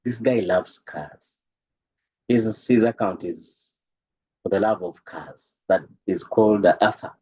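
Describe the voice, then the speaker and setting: A man coaching a group on business, in an animated, preachy way that stumbles and repeats words, heard over an online call. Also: on the low side, slow pace, husky, dull audio. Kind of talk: motivational talk to a group.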